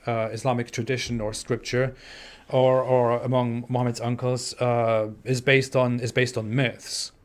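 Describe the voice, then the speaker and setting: Speaking from his home in the US Midwest, a German-accented man in his twenties with a mid-range voice hosts a livestream and reads viewers' super chats. His delivery is halting, packed with fillers and restarts.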